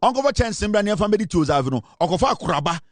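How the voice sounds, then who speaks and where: A man's voice: high voice, very animated, fairly quick, dry recording, studio quality. A man with a Ghanaian accent giving emphatic, dramatic political commentary, switching between Twi and English.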